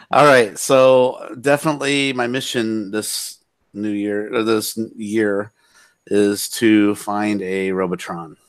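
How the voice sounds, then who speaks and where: Slow-talking man asking questions. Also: lowish voice, no room sound. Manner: slow, asks questions, laughs often. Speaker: podcast co-host asking questions. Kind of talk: casual chat.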